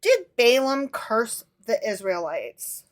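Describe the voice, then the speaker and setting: A woman's voice: on the high side, big pitch swings, slow. A woman co-hosting a casual podcast from her living room, teasing her husband and swearing freely. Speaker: podcast co-host.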